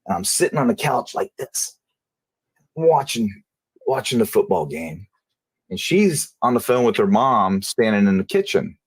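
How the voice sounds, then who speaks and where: A man telling a personal story in an interview, in a casual, halting way, often repeating and restarting phrases. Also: on the low side, very animated, slightly rough, no room sound. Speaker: interview guest.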